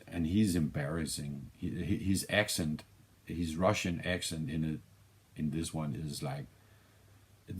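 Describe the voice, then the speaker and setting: A man's voice: extremely low pitch, a little mellow. A man with a Danish accent giving a rambling, casual film review, often restarting his sentences and swearing offhandedly. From Denmark.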